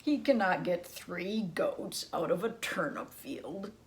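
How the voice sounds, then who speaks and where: A woman voicing a big male wolf in a storybook tale, speaking slowly and with confidence. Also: on the low side, animated. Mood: boastful.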